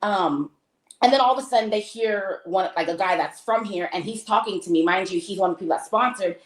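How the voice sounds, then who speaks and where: A woman's voice: mid-range voice, brisk. An American woman telling a travel story in casual talk, acting out the voices of the people in it, with many fillers. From United States. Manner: animated, acts out quoted dialogue, many fillers. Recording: roomy echo.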